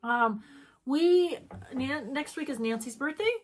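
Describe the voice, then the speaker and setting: A woman's voice: high-pitched, takes it slowly. A middle-aged woman from Wyoming co-hosting a casual stitching chat show, telling stories between bursts of giggles. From Wyoming, USA. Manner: giggly, animated storyteller. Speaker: co-host.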